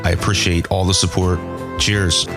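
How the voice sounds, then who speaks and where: A man's voice: low-pitched, level tone, normal speed. A man reading a scripted podcast outro in an upbeat, sing-song way. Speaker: podcast host. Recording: outro voice over loud guitar music.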